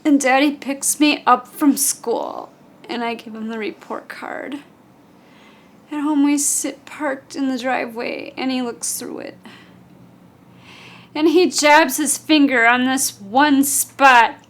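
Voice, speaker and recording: A woman's voice: high-pitched, fairly even intonation, slow, slight background noise. A woman as a wry daughter recalling her father. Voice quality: wry storytelling. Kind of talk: film monologue.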